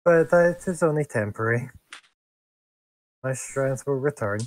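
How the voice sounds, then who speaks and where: A man voicing a weakened, withered warrior who speaks in a measured, determined way. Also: mid-range voice, expressive, natural voice. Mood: weary, determined.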